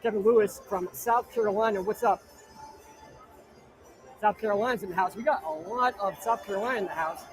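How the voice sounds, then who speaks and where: A man from New Jersey hosting a live stream, rattling off viewer shout-outs with brash, crude jokes from inside an arena. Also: high voice, brisk, long pauses, soft background music. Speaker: livestream host. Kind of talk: live-stream chat reading viewer comments.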